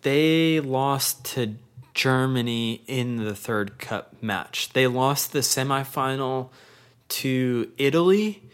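A man chatting casually as a show co-host, his voice sitting at an ordinary middle pitch. He lays out facts one by one in a laid-back, easygoing way. He breaks off now and then to laugh with his partner. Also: slow pace, clean tone. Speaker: podcast co-host. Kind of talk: casual chat.

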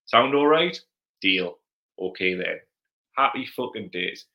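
Speaking slowly in a low, creaky yet animated voice, a Geordie livestream host runs a casual Q&A on a muffled recording. He chats bluntly and swears freely as he reads viewers' comments.

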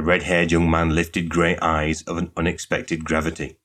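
Deep, husky-voiced male storyteller. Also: fairly even intonation, moderate pace, hardly any pauses, fairly bright tone. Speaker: audiobook narrator. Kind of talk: scripted narration.

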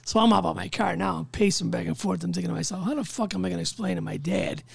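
A man telling a story in casual chat, animated and profane, acting out the voices of others. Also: high voice, quick pace, vocal fry, slightly rough, dry recording. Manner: animated, profane, acts out quotes.

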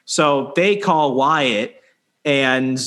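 A young man casually telling a story, swearing freely and acting out quotes with animated delivery. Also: mid-range voice, extremely slow. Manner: profane, animated, acts out quotes.

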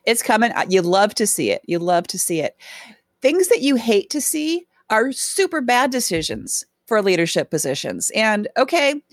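A woman co-hosting a casual sports podcast, talking in an animated, sarcastic ranting manner. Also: mid-range voice, moderate pace, no echo, studio quality. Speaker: podcast co-host.

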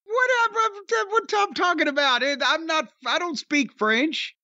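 An older man hosts a casual wrestling review podcast, ranting with swearing and sarcastic rhetorical questions. His voice is very high-pitched, bright and forceful, delivered at a measured pace. The audio is dry and slightly dull, with no room sound.

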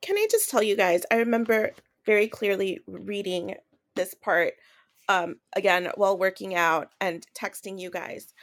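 Woman podcast co-host, mid pitch, excitable, casual swearing. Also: moderate pace. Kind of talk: casual book discussion.

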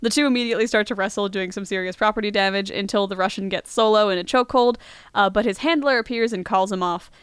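A woman's voice: mid-range voice, quick pace, clear, resonant tone, no echo. A woman hosting a podcast, casually retelling a movie plot in a chatty way, laughing now and then. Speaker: podcast host.

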